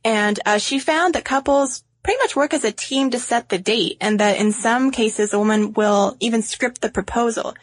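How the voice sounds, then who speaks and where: A woman's voice: fairly high pitch, moderate pace, few pauses, dry recording. Woman, podcast co-host, casual chat, chatty, teasing, dry recording.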